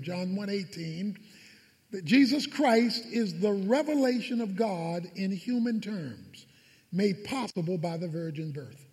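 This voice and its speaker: A man's voice: high-pitched, a little mellow, in a large hall. A pastor preaching a sermon with emphatic delivery, acting out scripture scenes as he goes. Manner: emphatic preaching with dramatic retellings.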